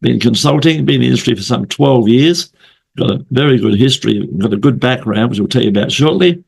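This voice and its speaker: Man interviewer, hoarse from flu, gravelly, husky, rambling chatty delivery. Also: mid-range voice, animated, brisk. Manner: rambling, chatty, repeats words. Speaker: interview host. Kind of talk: casual interview. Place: at home late at night, remote call.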